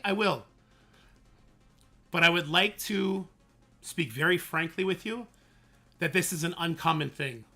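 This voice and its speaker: High, gravelly streamer ranting. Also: male voice, bright, forceful tone. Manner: exasperated ranting, heavy swearing. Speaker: game streamer. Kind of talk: livestream talk to chat.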